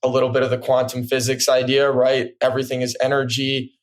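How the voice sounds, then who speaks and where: A man talking as a podcast guest in casual chat, reflective and hesitant, filling pauses with "like" and "right?". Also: medium pitch, completely flat delivery.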